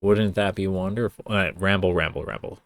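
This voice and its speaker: A man's voice: sits low, fairly even intonation, fairly quick, no echo. A young man giving casual stream commentary, sarcastic and profane, wandering off into rambling asides. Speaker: streamer reacting to a song.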